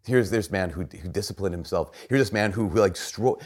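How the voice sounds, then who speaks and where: A man's voice: deep voice, a little fast, few pauses, husky. A man, a priest, giving a homily as earnest storytelling with emphasis on key phrases.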